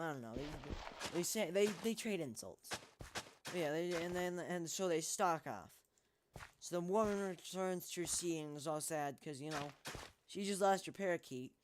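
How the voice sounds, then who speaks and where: A man telling a rambling joke, halting with restarts and asides and quick voices for the characters. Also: fairly high pitch, background noise. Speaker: comedy storyteller.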